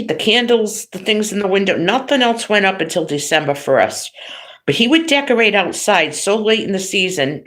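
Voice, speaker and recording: A middle-aged woman hosts a casual livestream and spins family stories. She laughs easily, and her voice stays very lively, with a medium pitch. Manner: chatty storytelling, laughs often. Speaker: livestream host. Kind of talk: casual chat.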